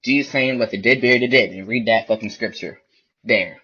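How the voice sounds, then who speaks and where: A man's voice: medium pitch, brisk, sharp tone, husky. A man delivering a blunt, profane, repetitive ranting monologue about faith. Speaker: online video preacher. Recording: dull lo-fi recording.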